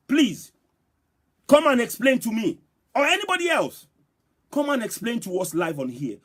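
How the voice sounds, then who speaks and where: A man's voice: high-pitched, husky. A man with a Nigerian accent giving impassioned, repetitive live political commentary, daring his viewers to answer him. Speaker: political vlogger.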